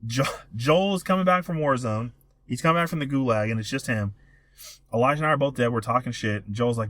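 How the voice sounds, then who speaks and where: A man's voice: mid-range voice, fast, a bit bright, no room sound. Rambling, cussing young podcast guy. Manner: rambling, profane, self-interrupting storyteller. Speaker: podcast co-host. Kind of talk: casual chat.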